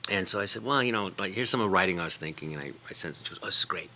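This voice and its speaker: A man's voice: deep voice, lively intonation, racing, pushed and bright, a little hiss or hum. A man being interviewed as an author on a radio talk show, telling stories, acting out quoted voices and laughing often. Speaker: author and guest. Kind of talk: casual radio interview chat.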